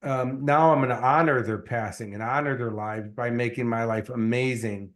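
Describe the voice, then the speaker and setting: A man, a success coach and guest, telling his story in an earnest, animated way, with many fillers. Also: medium pitch, normal speed. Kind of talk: casual interview storytelling.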